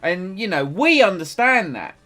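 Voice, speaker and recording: This is an English man streaming a video game and chatting casually, animated and quick to laugh. His voice sits a little high and jumps around a lot in pitch. Quiet game music plays behind him.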